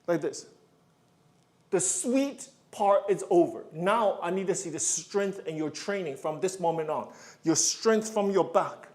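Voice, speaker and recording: Guy coaching ballet over a call, high voice, talks slow, hums out the counts. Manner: animated, counts and sings out steps. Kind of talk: online ballet coaching session.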